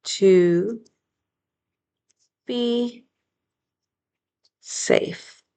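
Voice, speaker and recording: A woman teaching a spelling lesson, sounding out words slowly and patiently one syllable at a time. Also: mid-range voice, gravelly, dark tone, smooth.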